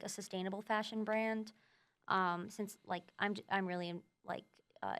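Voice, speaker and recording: A woman's voice: medium pitch, fairly bright tone. A woman in her twenties from the US Midwest, chatting casually in an interview with many "like" and "um" fillers. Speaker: student outreach producer.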